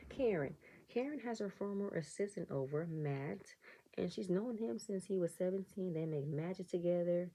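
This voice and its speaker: A woman with a low, dark voice reviews a reality show episode in a relaxed, chatty way. A gravelly fry runs through her speech. She often breaks into sarcastic asides and acts out the reactions of the people she is describing. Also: low-quality recording. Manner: animated, sarcastic commentary with mock quoted reactions. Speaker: reality TV recap vlogger.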